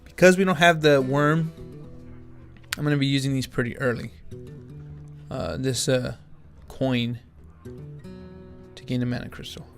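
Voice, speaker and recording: A man's voice: mid-range voice, flat delivery, a little slow, pauses often, faint music behind. A man casually commenting on his card game as he plays, thinking aloud with frequent restarts and filler words, sounding a little tired. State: yawning, tired. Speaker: gaming channel host.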